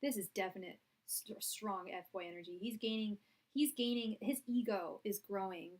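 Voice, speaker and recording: A woman's voice: medium pitch, moderate pace. A young woman doing a live-stream tarot reading, chatty and blunt, talking straight to her viewers. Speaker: tarot reader.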